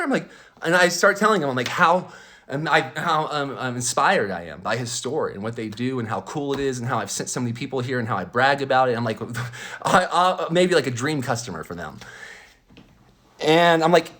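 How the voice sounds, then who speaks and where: A man telling a story as a podcast host, indignant and animated, acting out both sides of an argument with many restarts and stammers. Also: mid-range voice, normal speed. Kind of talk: ranting storytelling monologue.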